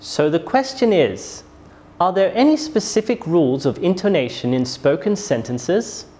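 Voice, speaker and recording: In a scripted English lesson, a pronunciation teacher models sentences with careful, exaggerated rises and falls. The voice is mid-range and warm, with lively intonation and a moderate pace.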